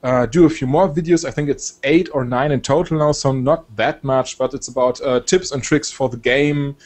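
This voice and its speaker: A young man with a German accent chats casually as a guest, relaxed and hesitant, filling pauses with ums. His voice sits in an ordinary middle pitch. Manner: relaxed, hesitant with fillers, laughs often. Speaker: guest, game shoutcaster. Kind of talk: casual chat.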